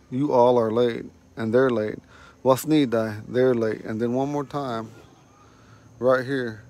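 A man teaching a casual online language lesson, recorded on a phone at home, saying each word slowly and repeating it for learners. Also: medium pitch, steady tone, darkish tone. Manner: slow, repeats words for learners.

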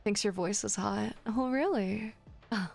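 A woman's voice: medium pitch, measured pace, vocal fry, a little mellow, soft background music. A woman streamer chatting casually with her viewers while gaming, joking in a playful, crude and flirty way.

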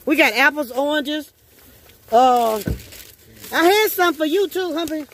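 Southern lady handing out plates outside in the cold, real high voice, laughs a lot and talks about jesus. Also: animated, a little slow, fairly bright tone, slight background noise. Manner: upbeat and preachy, laughs often. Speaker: host handing out holiday food. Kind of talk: casual charity vlog. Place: outdoors in freezing cold.

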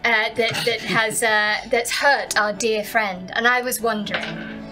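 A woman playing a sardonic but gentle female half-elf cleric in improvised tabletop role-play, speaking in a dry, coaxing, polite way. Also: a little high, fairly even intonation, a little slow, natural voice, rough recording. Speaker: player character. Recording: loud music behind the voice.

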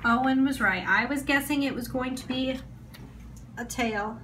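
A woman's high-sitting voice, at a measured pace, carries a casual toy unboxing chat where she rambles and thinks aloud. She's a co-host of a family toy review channel, and background noise can be heard.

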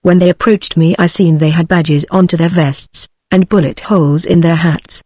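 A text-to-speech woman's voice with a British accent, reading a western story aloud, the dialogue in the same even voice. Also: on the low side, normal speed, no echo. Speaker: narrator.

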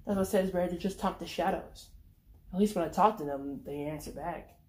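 Woman reading a dark story. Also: lowish voice, fairly quick. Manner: dark, brooding, conversational. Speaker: reader of own short story. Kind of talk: first-person story narration. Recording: echoey room.

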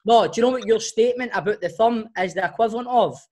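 A man with a Scottish accent, a co-host who tells animated, teasing stories about his friends. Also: high voice, fast talker. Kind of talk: casual banter.

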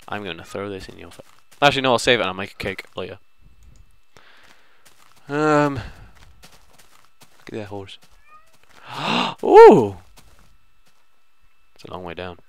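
A man's voice: mid-range voice, sharp tone, smooth. A young man giving playful, rambling let's-play commentary, often mocking himself. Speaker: gaming video host.

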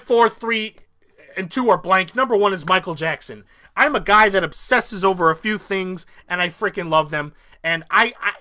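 A young man hosting a comedic ranking vlog, ranting with mock outrage and swinging from mumbled asides to loud excited bursts. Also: high-pitched. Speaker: YouTuber.

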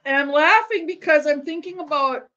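High, bright-voiced woman chatting and laughing. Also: normal speed. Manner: rambling, laughs often, swears freely. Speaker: live-stream host. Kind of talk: casual chat while watching a game. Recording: dull lo-fi sound.

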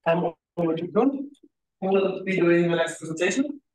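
A man's voice: high voice, animated, normal speed, a little mellow. A man hosting a conference session, introducing the next speaker in a casual, hesitant way. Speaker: session host. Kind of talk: event moderation. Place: conference room. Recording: echoey room, mic far off.

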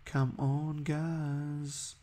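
A man's voice: a little high, flat delivery, drawn-out words, mellow. A man giving casual, hesitant commentary over a football management game, full of ums and uhs. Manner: chatty, hesitant, many ums. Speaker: gaming video host.

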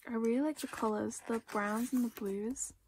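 A young woman talking casually as she unboxes, gushing over each item with quick gasps. Her fairly high voice carries a gravelly fry, with faint hiss behind it. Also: fairly even intonation, a little mellow. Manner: chatty, gushing, frequent small gasps and laughs. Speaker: vlogger unboxing an album.

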